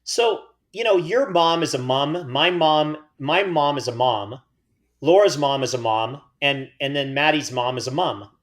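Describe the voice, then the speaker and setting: A man's voice: fairly high pitch, lively intonation, unhurried, a bit bright. An American man co-hosting a casual podcast, rambling through playful tangents and mock-serious teasing. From United States. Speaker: podcast co-host. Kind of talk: casual chat.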